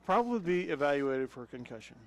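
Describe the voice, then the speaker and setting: A man working as play-by-play announcer for a local high school football broadcast, calling plays with folksy excitement and the odd chuckle. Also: quick pace. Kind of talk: local sports commentary.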